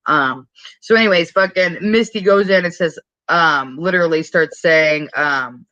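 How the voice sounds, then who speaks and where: A woman's voice: on the low side, a little slow, pushed and bright, no room sound, muffled recording. A woman co-hosting a podcast, retelling a movie in a rambling, profane, casual way with frequent laughs. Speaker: podcast co-host. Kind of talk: casual movie recap chat.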